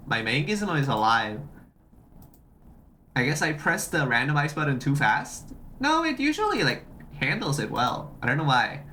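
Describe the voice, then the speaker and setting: Streamer, animated pitch, bright tense tone, casual stream chat, repeats itself. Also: slight background noise. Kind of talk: casual live-stream chat demoing a project.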